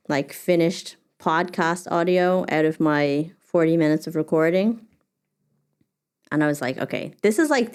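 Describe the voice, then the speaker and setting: Woman solo podcast host: low, smooth, loose and chatty, thinks out loud. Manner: thinks aloud with many fillers and restarts. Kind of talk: reflective solo podcast monologue.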